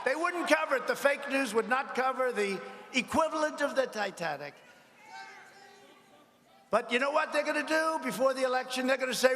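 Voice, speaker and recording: A man with a high, bright voice speaks from a podium mic in a large arena. He rambles and mocks his rivals, stopping often to ask the crowd for agreement. His voice carries through a long echoing hall over faint crowd noise. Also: animated, normal speed. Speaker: politician at a rally. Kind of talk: campaign rally speech.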